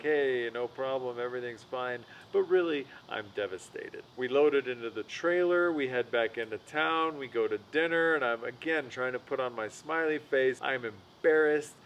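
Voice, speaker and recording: A man's voice: medium pitch, a bit bright, a little hiss or hum, poor audio. A young man telling a story in a casual, self-deprecating voice-over as host of his own vlog. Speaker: vlogger, host of the show.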